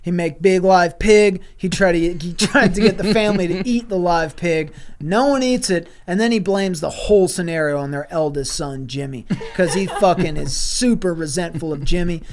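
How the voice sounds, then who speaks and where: Gravelly man riffing a silly story. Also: high voice, moderate pace, hardly any pauses, darkish tone, slight background noise. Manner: rambling, laughing, broken grammar for comic effect. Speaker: podcast co-host. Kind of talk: improvised comedic storytelling.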